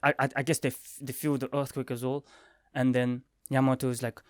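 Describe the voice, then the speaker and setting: A young man chats through a review of a comic chapter, mid-pitched and excitable, bursting into quoted lines and sound effects. His voice is dry and close, with no room around it. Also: fairly quick, no room sound. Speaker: manga review vlogger. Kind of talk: casual spoken review.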